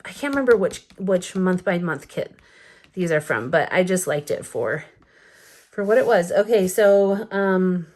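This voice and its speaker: A woman's voice: fairly low pitch, expressive, a little slow, darkish tone. Chatty sleepy woman showing her album. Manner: chatty, rambling, frequent fillers and laughs. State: sleepy, yawning late at night. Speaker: scrapbooking vlogger. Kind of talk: casual flip-through chat. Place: home at night.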